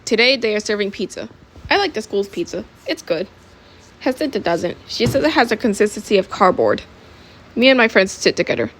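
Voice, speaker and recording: A woman's voice: medium pitch, very animated, fairly quick, a little hiss or hum. Teen girl casually reading her own story. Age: teens. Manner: offhand, giggles at her own jokes. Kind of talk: casual amateur audiobook reading.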